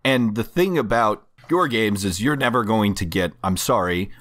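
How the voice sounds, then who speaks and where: A man with a notably low voice co-hosts a casual podcast chat about tabletop gaming. He talks in an easygoing, conversational way and slips in jokes as he goes. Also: lively intonation, moderate pace, a bit bright. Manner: joking, conversational. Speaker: podcast co-host.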